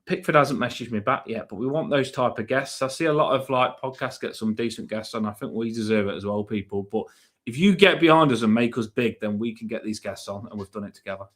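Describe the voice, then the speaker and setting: Scouse guy on a footy podcast, gets all hyped up, mid-pitched, chatty. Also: fast. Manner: excitable, hyping himself up. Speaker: podcast co-host. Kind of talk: casual fan podcast chat.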